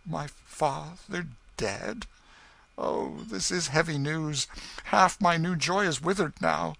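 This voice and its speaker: A man reading aloud gives a passionate young knight, his voice lifted high above the narrator's own and ringing loud. He declaims in archaic phrases and swings between outcry and pleading. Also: slow pace, gravelly, no echo, full character voice. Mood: grief-stricken. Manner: exclamatory, archaic speech, rising to anguish. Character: impassioned young male knight, homecoming soldier.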